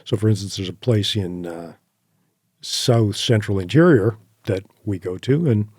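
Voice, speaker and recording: Man guest, low mellow voice, lively yarn-spinning, dry close podcast mic. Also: measured pace, husky, no echo. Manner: animated anecdotes with quoted asides and laughs. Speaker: podcast guest, horseback hunter. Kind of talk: casual interview storytelling.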